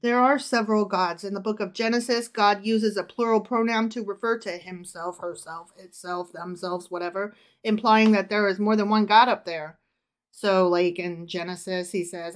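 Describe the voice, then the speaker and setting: A woman's voice: mid-range voice, steady tone, moderate pace. A woman co-hosting a casual podcast, quizzing her husband with teasing, profane banter and reading verses aloud. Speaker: podcast co-host.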